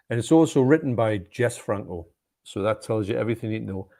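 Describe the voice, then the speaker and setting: A man, co-hosting a casual film chat, enthusiastic and quick to laugh, often restarting his sentences. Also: fairly low pitch, expressive, dark tone. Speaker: co-host.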